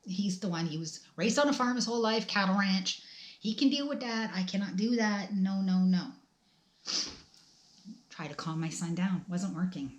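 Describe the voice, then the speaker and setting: A middle-aged woman vlogging about her family's loss, talking in a halting, emotional way with many restarts. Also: medium pitch, echoey room. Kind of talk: tearful personal vlog talk.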